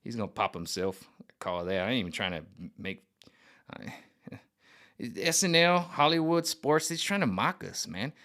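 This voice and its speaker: Animated slangy man rambling to camera. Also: lowish voice, normal speed. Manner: animated, slangy, repeats himself, restarts and trails off. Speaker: vlogger. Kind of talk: casual rambling monologue to camera.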